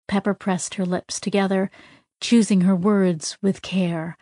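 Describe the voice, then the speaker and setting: Reading scripted audiobook narration, a woman tells a story in a steady, measured way. She has a medium pitch, and the studio-quality recording carries no room sound.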